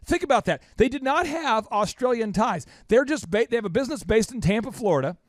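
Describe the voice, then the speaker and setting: A male podcast host talks business in a high, bouncing voice that swoops up and down. He leans hard on key words and repeats lines for punch, and the sound is close and dry. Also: lively intonation, a little fast, no room sound. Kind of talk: energetic business podcast talk.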